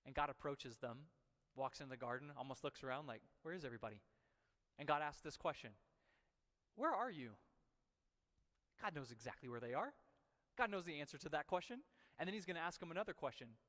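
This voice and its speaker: A male pastor preaching in a conversational, storytelling manner and acting out the voices of the people he quotes. His voice sits a little high, and the long reverb of a church sanctuary trails behind each phrase. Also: fast, fairly bright tone. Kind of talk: sermon.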